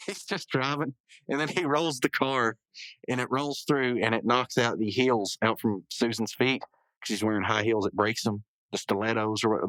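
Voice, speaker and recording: Male podcast host, mid-pitched, rambling recap with frequent self-corrections, dry close-mic sound. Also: fairly bright tone, dry recording, rough recording. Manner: rambling, self-correcting, full of hedges and asides. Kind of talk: casual episode recap.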